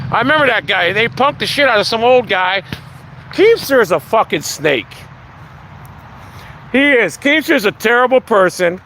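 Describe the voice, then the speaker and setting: A man's voice: sits high, expressive, normal speed, long pauses, pushed and bright, a little hiss or hum. A man talking casually on a live stream outdoors, ranting with lots of swearing. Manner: profane, ranting.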